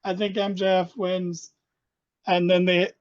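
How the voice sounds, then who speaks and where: A man's voice: sits high, monotone, unhurried, no room sound. A man co-hosting a podcast in casual chat, rambling and joking with lots of fillers and restarts. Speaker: podcast co-host. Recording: dull, dry, lo-fi sound.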